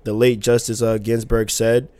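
Casual male podcast co-host, relaxed banter, dry close mic. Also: medium pitch, normal speed, clean tone, no echo. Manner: laid-back, steers topics with asides.

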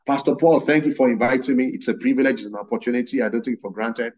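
A man's voice: medium pitch, quick pace, darkish tone, lo-fi sound. A man, a guest preacher, giving a sermon and retelling a healing story with fervent, rising emphasis.

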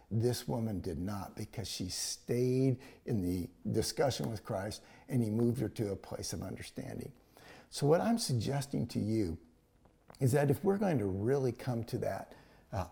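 A man's voice: medium pitch, vocal fry, mellow. A man preaching a sermon, retelling a scripture story in a conversational way with paraphrased dialogue.

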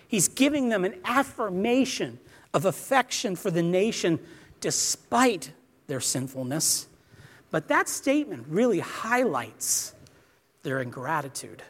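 A man's voice: high voice, sing-song, a little slow. A man preaching a sermon earnestly and emphatically, acting out quoted lines as he speaks.

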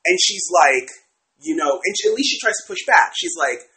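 A man co-hosting a casual podcast, critiquing a book in an animated way, swearing freely and acting out quotes. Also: high-pitched, moderate pace, rough recording. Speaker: podcast co-host.

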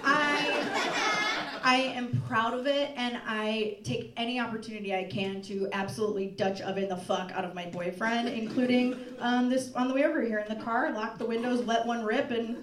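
A young woman telling a laughing, animated confessional story on a live comedy stage. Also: fairly high pitch, normal speed, background noise. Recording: echoey room from far off, loud crowd.

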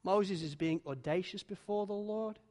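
High-voiced preacher in a reverberant hall. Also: male voice, moderate pace. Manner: dramatic, acts out voices of biblical figures, swings from hushed to loud. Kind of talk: sermon.

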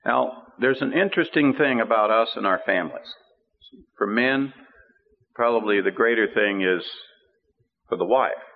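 A middle-aged man preaching a sermon, telling the story with animated delivery and acting out the characters' voices. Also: fairly low pitch, a little slow, pauses often. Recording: phone-like radio broadcast.

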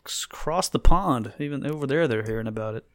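An American man from the United States co-hosts a podcast, chatting casually and making sarcastic jokes as he reads posts aloud. His voice is mid-range and fast, with no echo.

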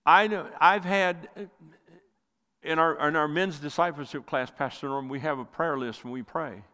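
A male pastor preaching a sermon with passion, rising loud and then dropping to near quiet. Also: normal speed, clear, resonant tone. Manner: impassioned preaching, swells loud then drops low. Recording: long hall reverb.

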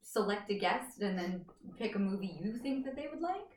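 A woman guest and voice actor, chatting in an easygoing way, quick to laugh, with frequent "um"s. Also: mid-range voice, very animated. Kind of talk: casual chat. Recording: distant echoey mic with faint noise.

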